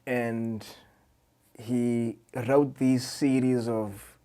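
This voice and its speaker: A young man, a musician guest on a podcast, telling stories in a loose, excitable way, full of slang and swearing. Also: mid-range voice, extremely slow. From Cape Town, South Africa. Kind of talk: casual chat.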